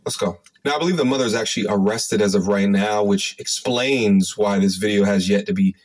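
A man with a somewhat low voice hosts a reaction commentary. He speaks directly to his viewers and sprinkles "um" through his judgments. He moralizes about what the clip shows. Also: brisk. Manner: addresses viewers, "um" fillers, moralizing. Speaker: commentary host.

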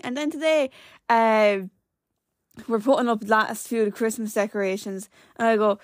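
A young Irish woman in her late teens hosts a casual podcast chat, rambling through stories and filling them with "like" and other filler words. Her voice is a little high and brisk, recorded dry with a clean studio sound.

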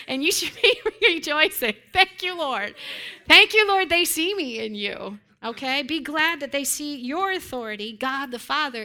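Bright, high-voiced woman preaching. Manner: emphatic, repetitive exhortations. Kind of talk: sermon teaching.

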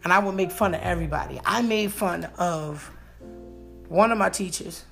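Playful storytelling man, gravelly edge. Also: high-pitched, normal speed, faint music behind. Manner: animated, playful, jokey delivery. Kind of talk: comic personal storytelling.

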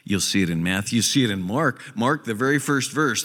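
A man's voice: lowish voice, animated, brisk, a bit bright. Pastor guy preaching, punches and repeats his points, long church reverb. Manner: emphatic, repeats key phrases for stress. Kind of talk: sermon. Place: church sanctuary.

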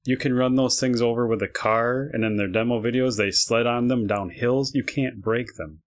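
A man in casual chat, telling a profane, animated story about a bad online sale. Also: medium pitch, normal speed.

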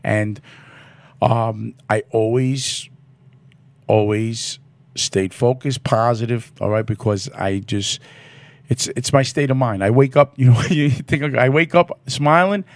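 A man's voice: medium pitch, slow, dry recording. A man, a podcast guest telling brash, profane, jokey stories and laughing often. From New York City. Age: 50s. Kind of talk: casual chat, storytelling.

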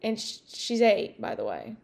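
Woman rambling on her podcast, kinda high voice w/ lots of fry, swears a bunch. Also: big pitch swings, moderate pace, darkish tone. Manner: rambling and outspoken, swears freely. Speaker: podcast host. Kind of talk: casual podcast monologue.

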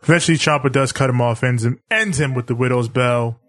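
A man co-hosting a casual wrestling podcast, recapping match results in a plain, even way between brief agreements. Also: medium pitch, a little fast. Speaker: podcast co-host.

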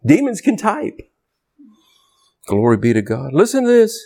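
Fiery high-voiced preacher with a twang. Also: male voice, wildly swooping pitch, unhurried. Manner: forceful, preaching with shouted bursts and emphatic repetition. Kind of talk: fiery deliverance sermon.

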